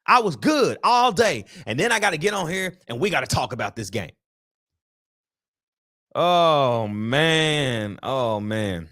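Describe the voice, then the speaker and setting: A man hosts a sports talk stream and rants with frustration and emphasis. His pitch swings widely up and down as he talks. The sound is dry and close. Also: slow pace, dry recording. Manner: frustrated, emphatic, animated ranting. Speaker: sports talk show host. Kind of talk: casual sports talk livestream.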